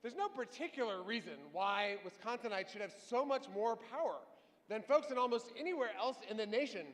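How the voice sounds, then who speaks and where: A man speaking as a state party chair at a rally, speaking loudly and often shouting to the crowd. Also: very high-pitched, brisk. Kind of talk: rally speech. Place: large indoor rally venue. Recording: echoey arena, crowd noise.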